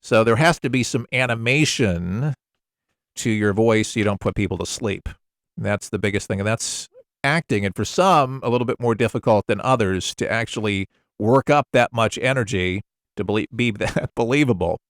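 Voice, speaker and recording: A man working as a voiceover coach, explaining the craft in a relaxed, conversational way with examples. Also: fairly low pitch, moderate pace, dry recording, studio quality. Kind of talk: casual instructional talk.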